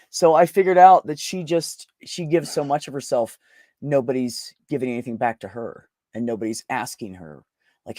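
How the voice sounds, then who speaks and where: A man's voice: medium pitch, expressive, a little fast, warm tone, dry recording, clean studio sound. A man candidly telling a personal story in casual conversation, blunt and emotional, swearing often. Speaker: podcast host.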